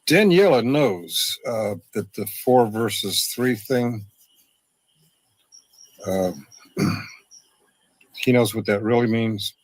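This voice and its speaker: A man speaking defensively and haltingly on a replayed stream. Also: lowish voice, expressive, no echo, rough recording. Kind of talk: defensive live-stream talk.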